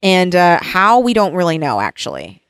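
Woman chatting about a book, lowish voice, reads bits out softly, dry close sound. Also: wildly swooping pitch, moderate pace, clear, resonant tone, no echo. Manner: retells the plot, reads passages aloud softly. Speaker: book discussion co-host. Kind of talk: casual chat.

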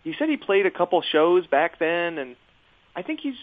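A man in a casual podcast conversation, remembering a friend as a guest and talking haltingly with many fillers and restarts. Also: high-pitched, sing-song. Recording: tinny phone-like line.

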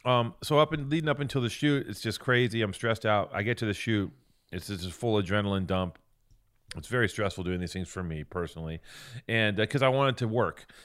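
Animated, profane man telling a story. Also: lowish voice, a little fast, clean tone. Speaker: podcast co-host. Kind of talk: casual chat.

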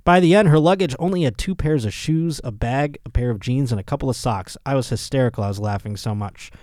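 A man with a mid-range voice runs a comedy news podcast, reading strange stories and breaking off for crude, mocking jokes. He laughs often and slips into quick put-on voices. The recording is dry and close, with no room echo. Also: mid-range voice, darkish tone. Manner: puts on voices for quoted people. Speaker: podcast host. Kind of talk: casual comedic news commentary.

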